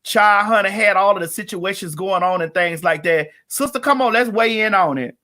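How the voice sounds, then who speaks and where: Sassy flamboyant talk show host, bright voice. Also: female voice, medium pitch, normal speed. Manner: flamboyant, sassy, hype introductions. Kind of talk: live-streamed comedic talk show. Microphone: video call.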